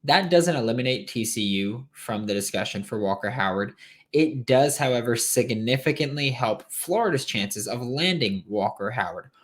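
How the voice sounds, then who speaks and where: A man's voice: mid-range voice, lively intonation, moderate pace. A man hosting a solo sports podcast late at night, tired but opinionated and emphatic, with rambling asides.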